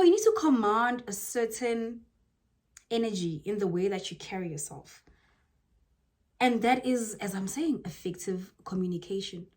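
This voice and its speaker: Young woman, South African Zulu-inflected accent, motivational vlog, lively swooping pitch, emphatic. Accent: South African, Zulu-inflected English. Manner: animated and emphatic, jumping to high exclamations. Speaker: motivational vlogger. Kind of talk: casual motivational talk to camera.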